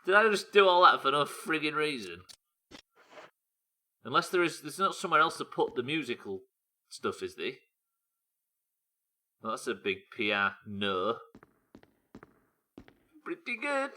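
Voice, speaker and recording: A man's voice: mid-range voice, lively intonation, normal speed, long pauses, pushed and bright. A man with a Yorkshire accent chatting to his viewers while playing a game, joking and asking questions aloud. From Yorkshire, England. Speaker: streamer. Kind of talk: casual game-stream chat.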